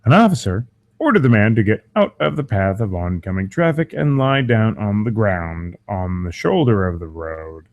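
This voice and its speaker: A man's voice: fairly low pitch, normal speed, muffled recording. A man hosting a crude comedy podcast, swearing and mocking the news, his voice strained. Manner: profane, mocking, animated. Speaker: podcast host.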